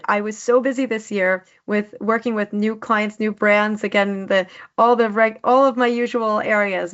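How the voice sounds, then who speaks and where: A woman's voice: mid-range voice, fairly bright tone. Upbeat woman speech coach, lo-fi audio. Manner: enthusiastic, many restarts and fillers. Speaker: speech coach, podcast guest. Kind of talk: casual interview chat.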